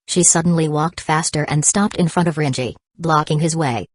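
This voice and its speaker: A woman narrating a novel in an audiobook. Her voice sits low and her reading stays even and steady. The sound is dry and close. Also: brisk, hardly any pauses, no echo. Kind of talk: scripted narration.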